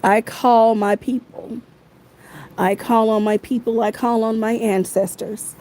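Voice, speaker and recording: A woman rants angrily into her phone on a livestream, swearing freely and circling back to the same phrases again and again. Her voice is warm and mellow, with a soft, dark tone even as she gets heated. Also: a little high, measured pace, poor audio. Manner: heated, profane, repeats phrases. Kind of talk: angry livestream rant.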